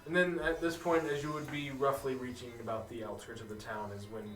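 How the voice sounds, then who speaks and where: A man's voice: medium pitch, fairly even intonation, a little fast, fairly bright tone. Man doing echoey far-off game master narration. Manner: hesitant, filler-heavy narration. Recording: echoey room, far from the mic, faint music.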